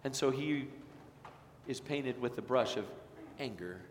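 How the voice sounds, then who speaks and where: A man's voice: medium pitch, a little slow, slight background noise, natural voice. A man voicing a resentful, entitled older brother who rants in a whiny, indignant way. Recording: reverberant church hall.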